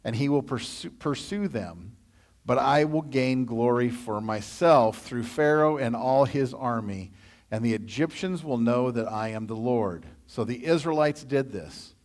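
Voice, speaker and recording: Leading a church Bible study, a man with a Midwestern American accent reads from scripture and follows it with animated, conversational comments. His voice is medium in pitch and his pace is unhurried.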